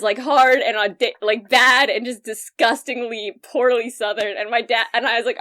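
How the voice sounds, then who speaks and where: Her voice runs on the high side, brisk, with hardly a pause, as this young woman co-hosts a podcast. She spins stories animatedly in casual conversation, laughing often.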